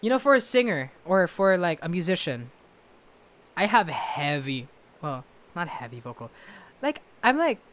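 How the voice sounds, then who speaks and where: A loud, rambling young man talks into his laptop camera from his bedroom, mocking himself as he goes. His voice sits high for a man. The tone is an easy, unscripted vlog chat. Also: big pitch swings, moderate pace. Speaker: vlogger and musician. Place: bedroom at home. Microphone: webcam or laptop camera.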